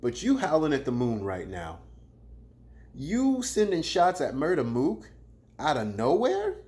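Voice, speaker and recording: A man hosting a casual battle rap commentary show, talking in slang and swinging between loud, playful jabs and low, muttered asides. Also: huge pitch swings, measured pace.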